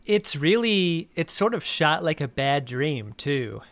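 A man with a thin, reedy voice, a little high, chats casually and playfully as a podcast co-host. The close mic is dry, with no room sound. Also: very animated, takes it slowly, a bit bright, dry recording. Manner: playful, riffing and recapping.

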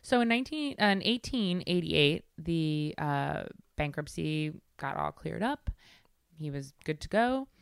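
A woman co-hosts a casual podcast chat and tells a story playfully, laughing often. Her voice sits low and comes across smooth and clear. The sound is dry and close to the mic. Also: lively intonation, unhurried, no echo. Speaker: podcast co-host.

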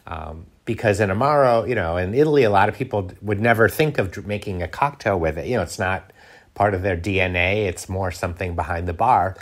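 A man's voice: deep voice, fairly quick. A middle-aged man talking in a casual interview, rambling with restarts and fillers. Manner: rambling, many restarts and fillers, laughs often. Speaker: guest, food writer.

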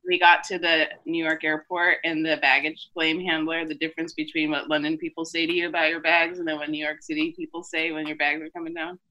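A woman co-hosting a podcast, chatting casually in short, quick replies. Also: low-pitched, level tone, bright, forceful tone. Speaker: podcast co-host. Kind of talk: casual chat. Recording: dull lo-fi audio.

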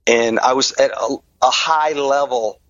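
A middle-aged man from the Detroit area tells his own story in an interview and acts out the people he quotes. His delivery is lively and animated. The recording is dull and lo-fi, with a dry sound. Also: mid-range voice, unhurried, no echo. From Detroit area, Michigan.

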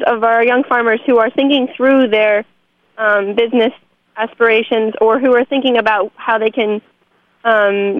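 A woman hosting a radio interview, thoughtful and pausing with frequent fillers. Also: on the high side. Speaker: radio host. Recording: tinny phone line.

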